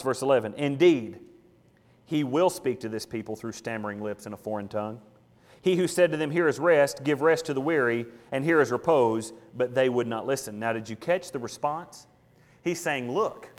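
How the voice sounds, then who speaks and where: Man, preacher, emphatic sermon, somewhat high voice, long hall reverb. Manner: emphatic, mocking voices of scoffers, dramatic swings in loudness. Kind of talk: expository sermon.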